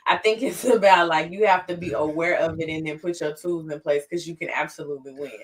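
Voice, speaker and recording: Woman, slightly low voice, casual podcast talk, explaining. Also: steady tone, brisk. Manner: explanatory, acts out quoted people. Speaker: podcast co-host.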